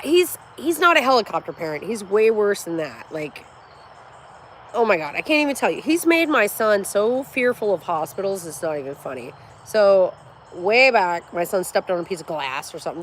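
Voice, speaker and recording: Blunt, lively-voiced woman in her forties. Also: mid-range voice, slight background noise. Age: 40s. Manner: blunt and profane; animated storyteller. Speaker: livestream host. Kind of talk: casual livestream chat.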